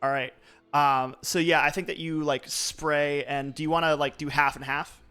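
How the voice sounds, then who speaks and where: A man's voice: a little high, steady tone, moderate pace, sharp tone, clear, resonant tone, faint music behind. Young man running a tabletop game. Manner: loose, lots of um and like fillers. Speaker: game master.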